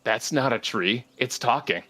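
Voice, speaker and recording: A man's voice: mid-range voice, expressive, unhurried, sharp tone. A man voicing a blunt, curious young half-orc woman in a tabletop game. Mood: puzzled.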